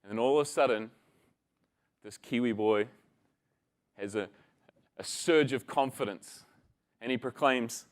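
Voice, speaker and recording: A man's voice: medium pitch, a little slow, long pauses. A man giving a casual conference talk, chatting with the audience and telling a story. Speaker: conference presenter.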